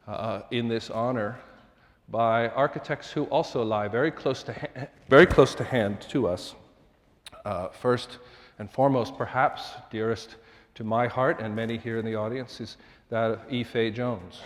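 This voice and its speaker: A middle-aged man giving a public lecture on architecture, measured and formal, with frequent fillers and restarts. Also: lowish voice. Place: lecture hall with long reverb. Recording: lecture hall reverb.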